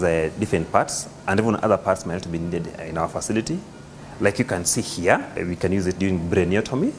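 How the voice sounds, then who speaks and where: A man's voice: deep voice, a little hiss or hum. A man, a hospital staff member, explaining medical equipment with some fillers.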